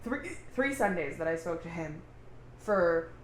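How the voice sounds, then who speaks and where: A woman's voice: lowish voice, expressive, measured pace, slight background noise. A young woman co-hosting a podcast, reacting bluntly and swearing casually while recapping a TV show. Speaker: podcast co-host. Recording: roomy echo.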